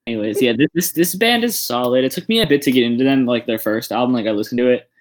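Male podcast co-host, casual rambling music talk, average pitch. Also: expressive, quick pace. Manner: rambling, lots of "like" fillers. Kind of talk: casual music review chat.

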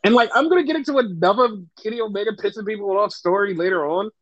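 A man hosting a casual podcast chat, telling stories in a profane, animated way and putting on voices for the people he quotes. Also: high-pitched, quick pace, no echo, dull audio. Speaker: wrestling podcast host.

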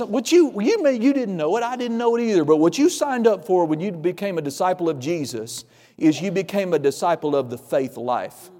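A man's voice: fairly high pitch, mellow, long reverb tail. A male pastor preaching a sermon, emphatic and repetitive, with folksy humor.

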